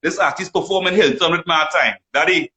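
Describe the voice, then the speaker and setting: A man's voice: a little high, a little fast, sharp tone. A man hosting a live online show, telling stories and repeating his phrases. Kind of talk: casual live chat.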